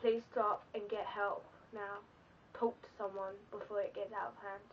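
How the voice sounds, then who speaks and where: A woman's voice: medium pitch, little pitch movement, normal speed, distant mic, muffled recording, slight background noise. A woman vlogger telling an emotional story in the second person, earnest and pleading.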